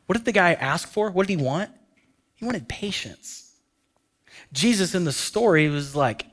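A pastor preaches a sermon in a voice pitched slightly higher than usual, speaking conversationally and repeatedly asking his listeners questions. He's animated but measured, leaving long pauses, and drops to a near hush on key phrases.

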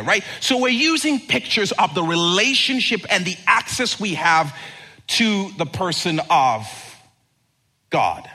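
A man's voice: high-pitched, very animated, measured pace, bright, forceful tone, slightly rough. A man preaching a sermon at a church service in a conversational style with joking asides. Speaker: pastor.

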